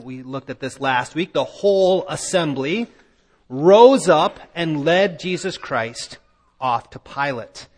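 A man preaching a sermon, emphatic and building to loud declamation. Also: fairly high pitch. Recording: long reverb of a large hall.

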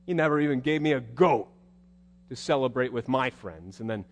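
A man's voice: mid-range voice, animated, normal speed, lightly acted. A man voicing a bitter, resentful elder brother who complains in a pointed, indignant way. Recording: long hall reverb.

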